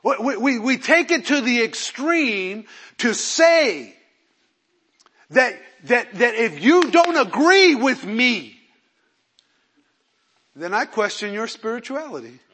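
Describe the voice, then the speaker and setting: High, bright-voiced preaching pastor. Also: male voice, takes it slowly, pauses often, breathy edge. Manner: animated preaching, swings between loud emphasis and quiet asides, acts out quotes. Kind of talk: sermon.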